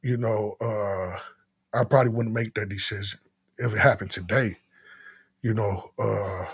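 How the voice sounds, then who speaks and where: A man talks as a guest in a relaxed, rambling way. His voice is low and a little husky, and he often throws in "you know what I'm saying.". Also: measured pace. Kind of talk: casual conversation.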